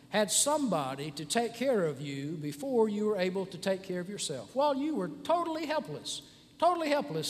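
A man in his sixties preaching a sermon as pastor, conversational, with many "uh" fillers and restarts. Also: high-pitched. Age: 60s. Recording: church hall with long reverb.

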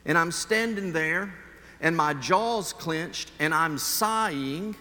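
Bright-voiced pastor preaching in a reverberant church. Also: male voice, on the high side. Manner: earnest storytelling, shifting from slow emphasis to quick asides. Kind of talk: sermon with personal anecdote.

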